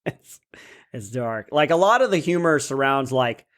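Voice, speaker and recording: A man's voice: medium pitch, expressive, moderate pace, fairly bright tone. A man co-hosting a casual podcast chat, laid-back and often ending his lines with 'man'. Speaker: podcast co-host.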